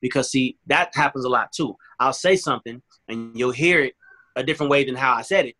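Earnest man with a bright voice. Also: medium pitch, brisk, faint music behind. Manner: earnest, emphatic, repeats phrases, acts out both sides of arguments. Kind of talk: casual chat.

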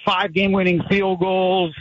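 A man's voice: high-pitched, level tone, measured pace, fairly bright tone, dry recording. A man calling in to a sports radio show, eagerly piling up his arguments. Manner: eager, argumentative, piles up points. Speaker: caller. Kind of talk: call-in sports radio talk. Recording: dull lo-fi phone-in line.

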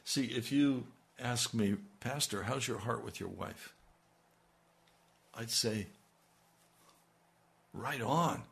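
Slow, earnest male pastor. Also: mid-range voice, creaky, fairly bright tone. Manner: earnest, pleading prayer that rises in intensity. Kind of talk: radio sermon and prayer.

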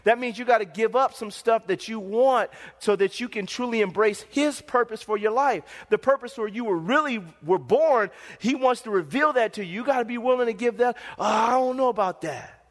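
A man's voice: extremely high pitch, a little fast, hardly any pauses. A male pastor preaching a sermon in an emphatic, repetitive, call-and-response manner, with a long hall reverb.

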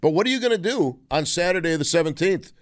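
A man's voice: on the high side, lively intonation, fast. A man hosting a call-in sports radio show, chatting in a wry, sarcastic way and taking callers. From Western New York. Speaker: radio talk show host.

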